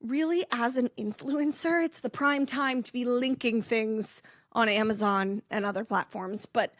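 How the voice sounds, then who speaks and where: A woman's voice: a little high, steady tone, measured pace, no room sound, clean studio sound. A heavily pregnant young woman hosting a casual vlog, rambling and chatty with frequent laughs. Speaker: influencer and podcast host. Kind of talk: casual chat.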